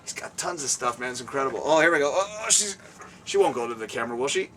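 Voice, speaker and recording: Excitable rambling male host, bright voice. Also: mid-range voice, fast talker, slight background noise. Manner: excitable and rambling, laughs a lot. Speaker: show host. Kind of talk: casual interview chat. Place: guest's home, indoors. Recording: distant mic, faint room ambience.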